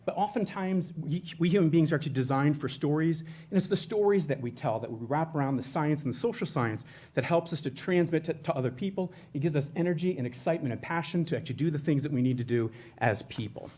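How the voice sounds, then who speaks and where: Presenting for a state environmental agency, a man gives an educational talk in a conversational way, often restarting and correcting himself. His voice is fairly high and mellow, at a quick pace.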